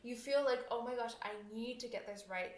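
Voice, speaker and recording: A woman's voice: on the high side, brisk. A young adult woman hosting a podcast, chatting casually with lots of fillers and restarts, often laughing. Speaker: podcast host and oboist. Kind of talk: casual solo podcast talk. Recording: echoey room.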